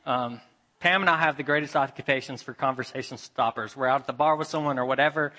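A man preaching a sermon as a pastor, telling a personal story with animated shifts between loud emphasis and hushed asides. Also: medium pitch, fast talker.

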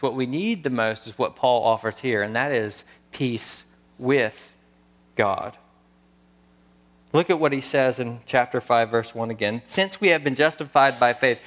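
Earnest higher-voiced male preacher. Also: a bit bright. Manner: earnest, storytelling, pauses before key words. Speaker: pastor. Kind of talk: sermon.

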